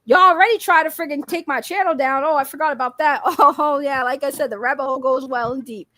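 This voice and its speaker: A woman's voice: high voice, fast talker, fairly bright tone, no room sound. A woman streamer calling out her critics in a blunt, profane, mocking rant, laughing between jabs. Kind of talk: casual rant.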